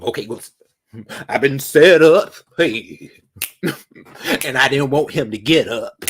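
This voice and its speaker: A man talks straight to his viewers in a loose, sassy vlog rant. His delivery is dramatic, stretching words out for emphasis. His voice sits in an ordinary middle pitch. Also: takes it slowly, long pauses, breathy edge. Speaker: vlogger. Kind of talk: casual commentary to viewers.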